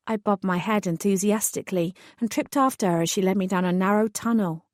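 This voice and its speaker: A woman reads a first-person fantasy audiobook with wry, expressive delivery. Her voice sits at an ordinary pitch and is recorded close and very dry, with no room sound. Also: brisk, few pauses, dry recording. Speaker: audiobook narrator. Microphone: close studio mic.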